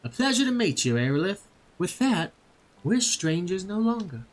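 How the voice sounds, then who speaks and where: A man's voice: high voice, big pitch swings, normal speed, voice pushed up. Loashkana: a man voicing a shy village woman in a Southern drawl. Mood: earnest. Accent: put-on American Southern. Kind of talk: reading game dialogue aloud.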